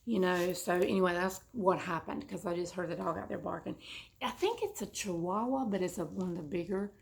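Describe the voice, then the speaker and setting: A woman with a hoarse, froggy, congested voice, chatting and rambling while she unboxes a bag at home. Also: lowish voice, a little fast, rough recording. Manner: rambling, chatty, goes off on tangents. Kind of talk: casual unboxing chat. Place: at home indoors.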